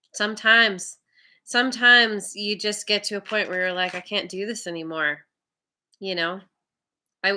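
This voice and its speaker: Slow-talking bright-voiced tarot reader. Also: female voice, medium pitch, a little hiss or hum. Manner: laughs often, warm and encouraging to viewers; stumbles over viewer names. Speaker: tarot reader hosting a live stream. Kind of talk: casual live-stream chat.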